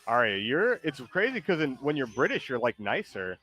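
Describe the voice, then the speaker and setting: A man streams a game while chatting casually, rambling with lots of "likes" and false starts. His medium-pitched voice swings widely in pitch, sounding pushed, bright and husky at a normal pace, over soft background music.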